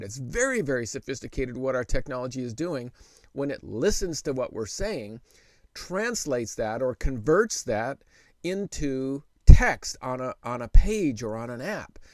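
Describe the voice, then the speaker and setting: A middle-aged man hosting a casual tech tutorial, relaxed and conversational, with frequent fillers and restarts. He slows down to speak very deliberately when he demonstrates dictation. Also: mid-range voice, dry recording.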